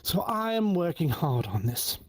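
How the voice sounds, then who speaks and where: A man hosting a talk show and telling a personal story in a casual, animated way, acting out the dialogue. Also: fairly high pitch, unhurried, dry recording. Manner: animated, acts out dialogue with many restarts.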